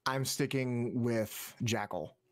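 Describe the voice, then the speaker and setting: A man's voice: medium pitch, slow, no echo. A man playing a tabletop role-playing game, chatting casually and asking the dungeon master rules questions. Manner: casual, asks rules questions, uses fillers. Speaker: player.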